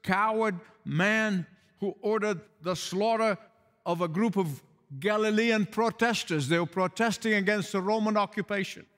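A man's voice: high-pitched, moderate pace, fairly bright tone, long reverb tail. A man preaching a sermon in an emphatic, pleading way, repeating key phrases for weight. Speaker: pastor.

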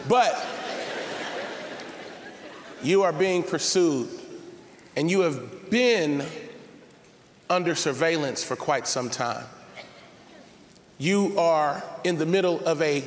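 A man preaching a sermon as pastor, reading scripture and building up to shouted, emphatic calls to his congregation. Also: a little high, animated, slow pace, pauses often. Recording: reverberant hall with faint noise.

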